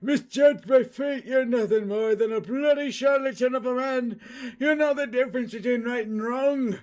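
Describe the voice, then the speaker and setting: Man playing a desperate old drunk, shrill and raised, pleading, indignant, fanfic reading. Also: moderate pace. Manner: shouting in a pained, pleading rant.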